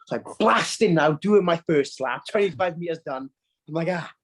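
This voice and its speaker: A teenage man guests on a podcast, and his voice sits a little high for a man. He tells stories in a lively, self-mocking way, full of stumbles and quick laughs. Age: teens. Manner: animated storytelling, laughs and stumbles. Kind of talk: casual podcast chat.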